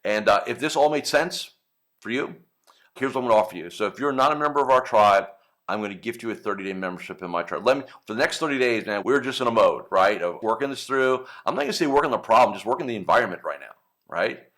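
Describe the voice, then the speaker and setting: A man's voice: mid-range voice, animated, fast, a bit bright. A man hosting a coaching show for financial advisors, talking casually and acting out client phone calls, with frequent tag questions. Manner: conversational, frequent "right?" and "okay?" tags, acts out client calls. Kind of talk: casual coaching talk to camera.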